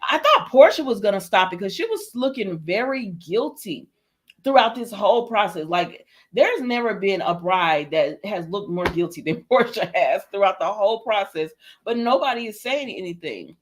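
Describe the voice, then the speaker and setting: A woman's voice: mid-range voice, animated, moderate pace. A woman hosting a live stream, chatting casually and animatedly, laughing often and reading viewers' comments aloud. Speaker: livestream host reviewing a soap opera.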